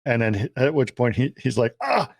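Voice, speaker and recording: A man's voice: medium pitch, a little fast, vocal fry, a little mellow, dry recording. Man retelling a film plot, dry close mic. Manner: retells film plots animatedly, acting out lines. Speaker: podcast co-host. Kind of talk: casual film-discussion chat.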